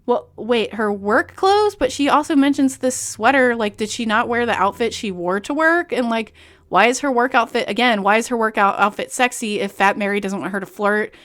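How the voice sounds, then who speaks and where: A woman's voice: fairly high pitch, normal speed, fairly bright tone. A woman reading a book aloud and breaking in with sarcastic, incredulous commentary. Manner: swears freely, calls the author girl.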